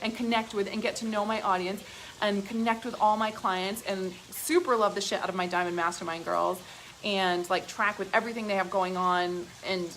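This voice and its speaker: A woman business coach on a live stream, giving an excited, profane pep talk to her audience, heavy on emphasis and filler words. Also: medium pitch, normal speed, a little hiss or hum, low-quality recording. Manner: excited and gushing.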